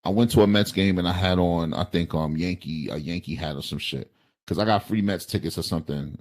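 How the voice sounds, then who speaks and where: A lower-voiced man riffs on sports in loose, profane chat. He talks brashly and slips into mocking voices when quoting people. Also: fairly quick, darkish tone. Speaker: podcast co-host. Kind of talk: casual chat.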